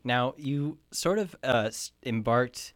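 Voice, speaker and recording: In an improvised comedy piece, a man interviews a guest, deadpan and probing, hesitating as he goes. His voice is medium in pitch and slow, captured on a studio microphone with no room sound.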